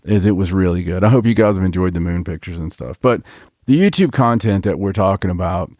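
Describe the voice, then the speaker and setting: Male podcast co-host, low voice, dry close sound, rambling casual banter. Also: fairly quick, a little mellow, no room sound. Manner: rambling, joking, trails off and restarts. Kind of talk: casual chat.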